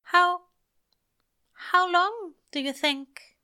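A nervous, soft-hearted angel of a man, high-pitched and quavering, voiced by a woman reading aloud. He pleads more than he speaks, and his lines lift sharply above the narration. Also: very slow, full character voice. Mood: forced brightness. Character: anxious fretful male angel, gentle and pleading.

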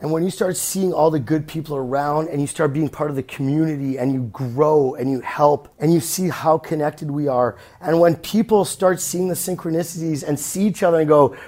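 A man's voice: a little high, moderate pace, few pauses, a little mellow. A man hosting a casual monologue podcast, blunt and profane, often slipping into mock voices. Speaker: podcast host.

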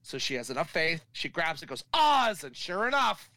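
A man's voice: fairly high pitch, a little fast, no echo, low-quality recording. A man casually recapping a film plot for a co-host, acting out the characters' lines as he goes. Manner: animated storyteller acting out characters. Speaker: podcast co-host.

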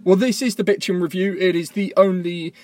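A man's voice: high voice, fairly even intonation, a little fast, a little mellow, dry recording. A man hosting a podcast from a parked car, talking in a rambling, self-mocking way. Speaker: podcast host. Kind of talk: casual podcast chat. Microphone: tablet voice memo app.

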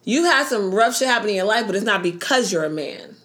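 A woman's voice: mid-range voice, animated, brisk, a bit bright. A woman co-hosting a podcast in casual, blunt chat, swearing freely and sounding exasperated. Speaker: podcast co-host.

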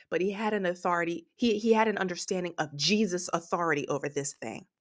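Slow, emotional woman preaching. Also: fairly low pitch. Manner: slow, emotional, prays aloud between points. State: tearful, emotional. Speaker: podcast preacher. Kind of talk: devotional sermon podcast.

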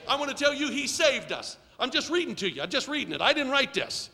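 A middle-aged man preaching in a church with a very high, piercingly bright voice. He leads call-and-response and swings from near-whispered asides to shouted bursts. A long reverb trails his words through the sanctuary. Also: sing-song, fast, gravelly, hardly any pauses. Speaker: pastor. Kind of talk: sermon.

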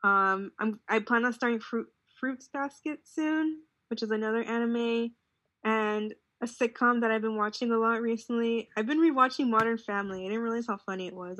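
A woman's voice: on the high side, no echo. A young woman chatting casually as a podcast co-host, rambling and saying "like" a lot. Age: young adult. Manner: relaxed, rambling, heavy use of "like". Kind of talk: casual chat.

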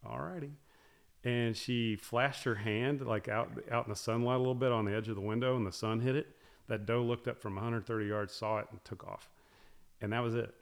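A middle-aged man in casual conversation, telling a long story with many restarts and soft, trailing asides. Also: medium pitch, fairly even intonation, a little fast, vocal fry. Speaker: guest talking about hunting with his daughters.

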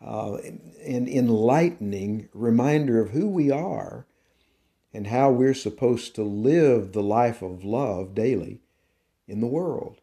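Man, devotional teaching, very dark mellow tone, unhurried emphatic delivery. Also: medium pitch, lively intonation. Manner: slow, deliberate, emphatic preaching cadence. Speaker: podcast host and Christian teacher.

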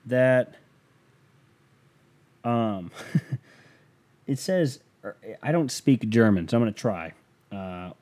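A man's voice: mid-range voice, animated, slow pace, long pauses, darkish tone. A young man rambling through a joking, self-mocking casual rant as a vlogger.

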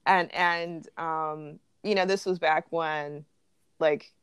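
Young woman from Los Angeles, lowish voice, rambling storytelling, dry close sound. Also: fairly even intonation, slow, clear, resonant tone, dry recording. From greater Los Angeles area. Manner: chatty storytelling, many fillers and restarts. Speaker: podcast co-host. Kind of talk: casual chat.

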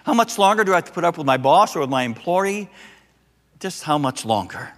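Older pastor preaching in an echoing hall. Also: male voice, a little high, fairly quick. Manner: animated storytelling, acting out quoted voices. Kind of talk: sermon.

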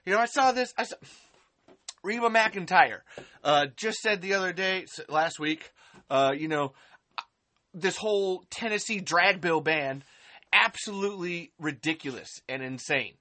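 A woman with a low, pushed, bright voice and lively intonation rants on her live-stream podcast, speaking a little slowly. She's angry, sarcastic, and profane, repeating things for emphasis.

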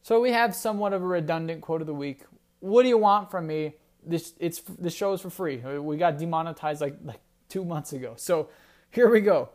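A man's voice: on the high side, normal speed, darkish tone. A man hosting a solo sports podcast, talking casually and rambling with restarts. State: briefly choked up. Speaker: podcast host.

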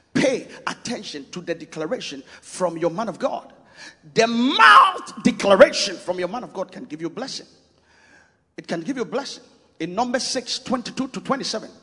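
Man preaching, emphatic, high lively voice, long hall reverb. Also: slightly rough. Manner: emphatic, repetitive, shouts scripture. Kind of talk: sermon. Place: church.

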